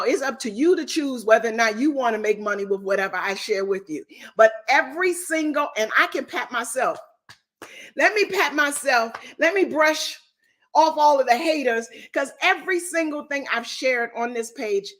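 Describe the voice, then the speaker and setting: A woman hosting a live-streamed business coaching session, talking in an energetic, unfiltered call-and-response way. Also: fairly high pitch. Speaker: business and success coach, host.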